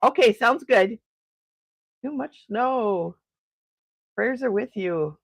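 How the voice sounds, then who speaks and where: Speaking slowly and expressively with vocal fry, a woman runs a relaxed morning stream from home in snowy Milwaukee. She greets her audience and exclaims frequently over their comments, her pitch swinging widely, recorded dry and close on a desk mic.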